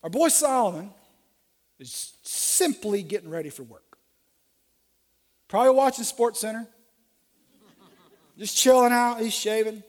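A man preaching a sermon, animated, acting out dialogue with shifting voices. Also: very high voice, moderate pace. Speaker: pastor. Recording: long reverb of a large hall.

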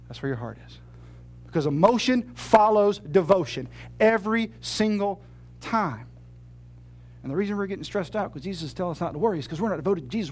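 Man preaching, high voice, conversational, humorous rhetorical questions. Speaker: pastor. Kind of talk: sermon.

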